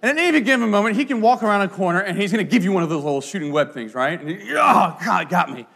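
A man's voice: sits high, racing. A man in his thirties preaching a sermon, telling playful stories with many asides. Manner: animated, playful storyteller with frequent asides. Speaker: pastor. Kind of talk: sermon with storytelling.

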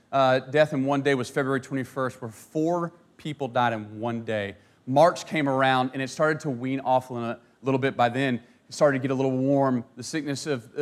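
A man telling a history story in a casual, animated way, with fillers, asides and a joke now and then. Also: mid-range voice. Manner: animated, conversational, jokes and asides.

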